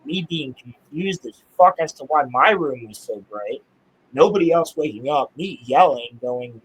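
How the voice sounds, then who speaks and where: Young guy on a podcast, a bit high-pitched, all worked up swearing while he tells his story. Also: moderate pace, slightly rough, poor audio. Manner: excitable, profane, insistent storytelling. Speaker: guest telling a personal story. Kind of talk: casual podcast chat.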